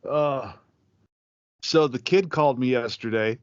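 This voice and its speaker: A man's voice: medium pitch, unhurried, no echo, muffled recording. A man co-hosting a podcast, chatting casually in a laid-back, profane, bantering way. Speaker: podcast co-host. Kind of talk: casual comedic chat.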